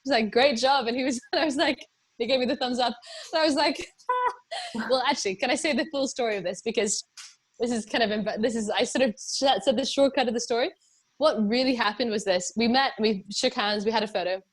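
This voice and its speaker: A woman's voice: on the high side, fast talker. A young British woman from England, a musician chatting casually in an interview, rambling with many fillers and laughs. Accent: British English. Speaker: musician guest.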